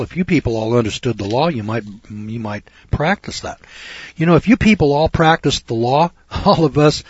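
Husky, folksy lawyer lecturing on scripture. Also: male voice, mid-range voice, dry recording. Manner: folksy, sarcastic, storytelling. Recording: dull lo-fi recording.

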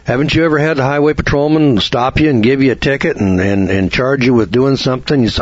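A man's voice: medium pitch, quick pace, no echo, lo-fi sound. A middle-aged man, hosting a radio lecture, who talks in a folksy way and asks lots of rhetorical questions.

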